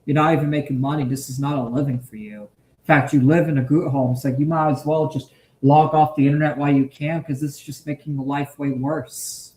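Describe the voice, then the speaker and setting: A man's voice: fairly high pitch, fairly even intonation, brisk, dark tone. A man hosting a podcast, ranting in crude, heated casual commentary. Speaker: podcast host. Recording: roomy echo.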